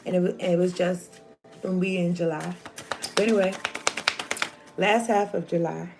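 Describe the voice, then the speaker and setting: A woman's voice: lowish voice, steady tone, moderate pace, vocal fry, over music. A woman giving a casual, rambling tarot reading to her viewers, chatty and slangy. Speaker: tarot reader. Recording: noisy home recording.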